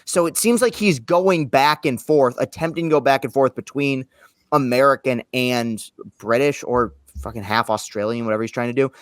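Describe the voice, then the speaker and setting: A man's voice: mid-range voice, normal speed, no echo. Brief: opinionated male co-host, dry close recording, casual chat. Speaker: movie podcast co-host.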